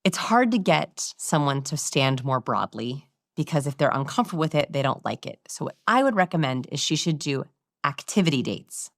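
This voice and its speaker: A woman in an interview, explaining body language in an animated, demonstrative way. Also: sits low, normal speed, no echo, clean studio sound. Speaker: guest expert on body language.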